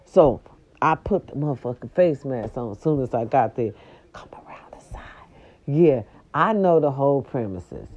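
An older woman telling a story to her viewers in a casual, animated, profane way, with speech. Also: very deep voice. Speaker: storyteller vlogger. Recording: dull lo-fi recording.

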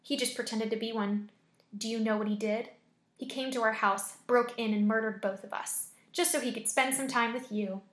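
A sinister horror-story mother speaks in an unnatural falsetto, put on by a woman reading aloud. The voice sits high and echoes around a reverberant room. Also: fairly even intonation, normal speed, natural voice. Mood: menacing.

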